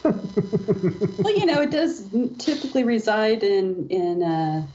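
Slow-talking mellow woman on a podcast. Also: mid-range voice, expressive, dull audio, a little hiss or hum. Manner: unhurried, chatty, laughs easily. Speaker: podcast co-host. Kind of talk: casual chat.

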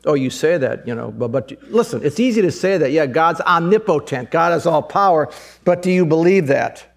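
A middle-aged man preaching a sermon, emphatic, repeating phrases and rising to high excited peaks. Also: moderate pace, gravelly. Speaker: pastor.

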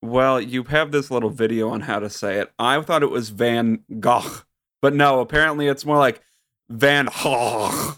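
An American man co-hosting a casual chat, with wry, deadpan jokes. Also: mid-range voice, brisk, hardly any pauses, no echo, studio quality. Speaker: podcast co-host.

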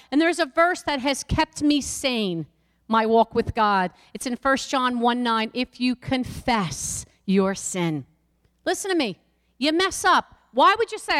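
A woman's voice: on the high side, big pitch swings, a little slow, a bit bright, smooth. A middle-aged woman pastor preaching a sermon, emphatic and repeating lines for the congregation. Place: church sanctuary. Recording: long church hall reverb.

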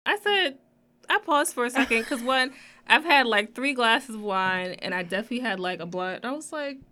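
A young woman telling a story in casual chat, profane and animated, acting out the people she quotes. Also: fairly high pitch, moderate pace.

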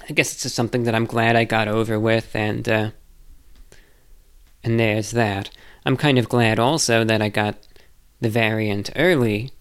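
A man's voice: fairly low pitch, clean tone. A man answering viewer questions in a casual, rambling monologue, hesitant and self-reflective.

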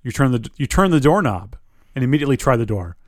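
A man's voice: mid-range voice, big pitch swings, fast, a little mellow, no room sound, clean studio sound. A man reading a choose-your-path book aloud, dropping casual asides between passages. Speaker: reader.

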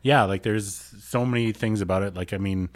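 A man's voice: lowish voice, normal speed, dry recording. A man co-hosting a podcast, easygoing, mostly reacting with short remarks. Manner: easygoing, brief reactions, laid-back. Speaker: podcast co-host. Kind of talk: casual chat. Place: home kitchen.

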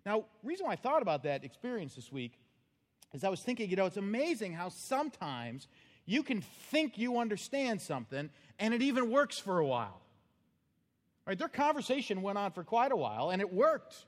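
A man's voice: high-pitched, sing-song, normal speed, long reverb tail. A man preaching a sermon as pastor, telling stories in a plain, earnest, conversational way.

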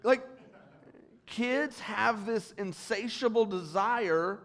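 Against a crowd in the background, a pastor delivers a slow sermon in a voice that sits high. He calls out to the congregation, moving between quiet asides and loud, climbing appeals.

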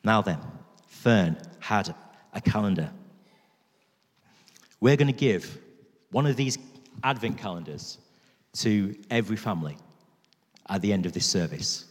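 Man, preacher, sermon, slow and emphatic, echoey church hall. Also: on the low side, lively intonation. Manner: slow, emphatic, repeats key phrases.

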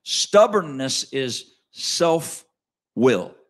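A man preaching a sermon as pastor, swinging between quiet asides and loud emphatic lines and asking the congregation questions. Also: mid-range voice, very animated, extremely slow. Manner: conversational, asks the congregation questions.

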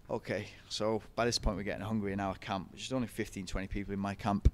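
Chatty young man, lowish voice. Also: fast. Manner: chatty, animated, laughs often. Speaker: podcast guest, ultra runner. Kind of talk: casual storytelling interview.

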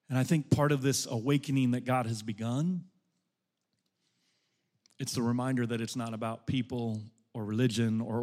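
A middle-aged man preaching a sermon as a pastor, moving from loud, impassioned exhortation to soft, hushed storytelling. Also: mid-range voice.

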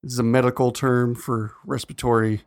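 A man with a smooth, medium-pitched voice talks briskly as co-host of a casual chat podcast. He tells stories animatedly, laughs often, and acts out quoted voices.

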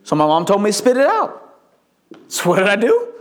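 A man's voice: high-pitched, huge pitch swings, moderate pace. A man preaching a sermon with playful jokes and frequent stammered restarts, a father of young kids. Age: adult with young children. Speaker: pastor.

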